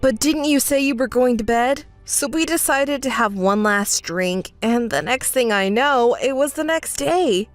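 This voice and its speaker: A woman's voice: fairly high pitch, expressive, measured pace, few pauses, dry recording, faint music behind. A woman voicing an evasive young husband who keeps apologizing and stammering excuses, in a text-story reading. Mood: pleading.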